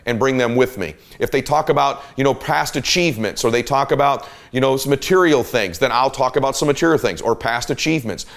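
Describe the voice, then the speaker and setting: A middle-aged man hosting a podcast, giving an emphatic, coaching motivational talk about listening. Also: mid-range voice. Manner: emphatic, coaching, shifts volume and pace to illustrate. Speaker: podcast host.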